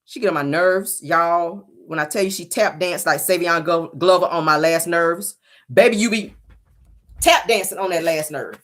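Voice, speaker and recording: A woman's voice: lowish voice, moderate pace, a bit bright. A woman hosting a gossip vlog, scolding and mocking her target in a sassy voice and repeating her jabs. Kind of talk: sassy reality-TV gossip commentary.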